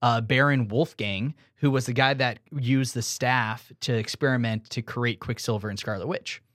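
A man's voice: medium pitch, normal speed, dry recording, clean studio sound. A man co-hosting a podcast in casual chat, teasing as he quizzes his co-host. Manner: teasing, animated quiz-giver.

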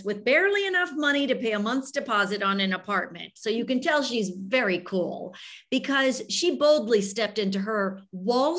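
A woman's voice: on the high side, a bit bright. A woman hosting a podcast interview, chatting in a gushing, enthusiastic way. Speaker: podcast host. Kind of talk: casual interview chat.

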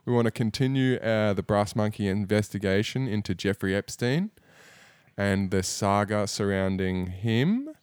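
A man hosts a casual podcast in a low voice. He talks in a laid-back, rambling way, full of fillers. The sound is dry and close. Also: animated, normal speed, a little mellow, smooth, dry recording. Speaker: podcast host.

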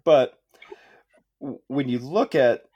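A man's voice: mid-range voice, animated, slow pace, dark tone, dull audio, slight background noise. A man co-hosting a podcast in casual chat, joking and profane with rambling asides. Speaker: podcast co-host.

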